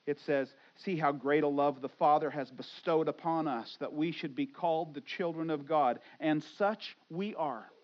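A middle-aged man with a high voice preaches a sermon. He swings from loud, excited bursts to quiet, earnest asides and acts out the voices in his head. The recording sounds a little dull and lo-fi. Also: normal speed, few pauses. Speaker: pastor.

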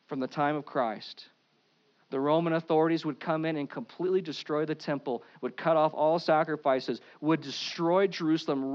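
A pastor preaching an Easter sermon, with animated swings between loud emphasis and quiet asides. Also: male voice, a little high, lo-fi sound.

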